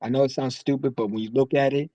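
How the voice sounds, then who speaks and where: A man's voice: medium pitch, steady tone, fast talker, mellow, no room sound, muffled recording. Rambling, heated male caller. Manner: rambling, heated, many restarts. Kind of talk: casual sports call-in chat.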